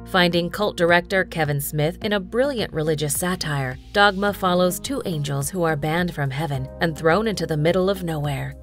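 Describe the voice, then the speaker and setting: Narrator, female, low-ish register, even scripted list reading over light music. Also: moderate pace, hardly any pauses.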